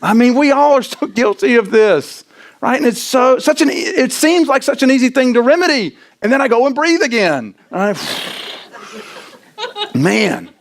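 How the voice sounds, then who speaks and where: A middle-aged man preaching a sermon in a church, animated and self-deprecating, often tossing in "right?" to the congregation. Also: very high voice, moderate pace. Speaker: pastor. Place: church sanctuary.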